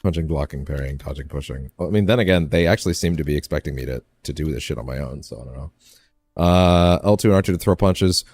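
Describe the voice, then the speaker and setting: A man's voice: rumbling low, fast, a little mellow. A man casually commenting as he streams a game, rambling and often restarting his phrases.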